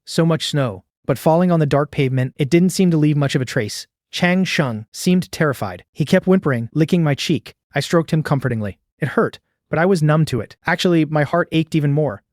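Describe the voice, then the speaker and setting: A man's voice: on the high side, brisk, hardly any pauses, darkish tone, dry recording, studio quality. A man narrating a first-person story in a subdued, sorrowful manner.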